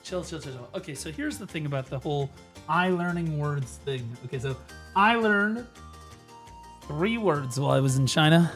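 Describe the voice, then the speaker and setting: A man chatting casually on a live stream, in a bright, forceful voice. He rambles and restarts his sentences, then breaks out into excited shouting. Faint music plays behind him. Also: a little high, normal speed. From United States.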